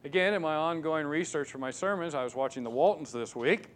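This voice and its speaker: Emphatic preacher man, slightly high voice. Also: fairly quick. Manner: emphatic, swings between loud and hushed; repeats key words for stress. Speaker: pastor. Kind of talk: sermon.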